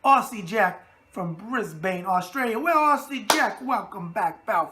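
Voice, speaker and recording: Raspy new york guy hosting a boxing q&a, brash and streetwise, loves his catchphrases. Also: high-pitched, expressive, unhurried, noisy background. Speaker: boxing show host. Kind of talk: casual boxing mailbag talk.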